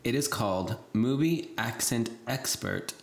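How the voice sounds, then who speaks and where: A man's voice: mid-range voice, expressive, a little slow, gravelly, echoey room. A man co-hosting a casual chat, joking and playful. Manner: joking, playful, laughs often.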